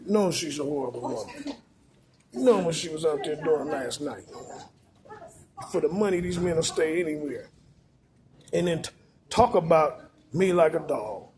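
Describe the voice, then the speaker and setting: A man's voice: fairly high pitch, expressive, normal speed, long pauses, darkish tone. A man, delivering a rambling, profane, preachy monologue full of repetition.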